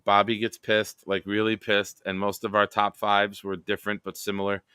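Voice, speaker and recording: A man's voice: on the low side, monotone, normal speed, sharp tone, smooth, dry recording. A man hosting a casual live stream, reading viewer comments aloud and laughing often. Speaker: live show host.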